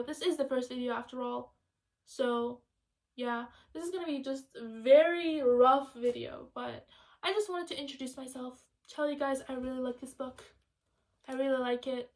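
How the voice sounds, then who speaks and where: A young woman talking casually and excitedly in a rambling book vlog, chatty and quick. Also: sits high. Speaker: student book vlogger.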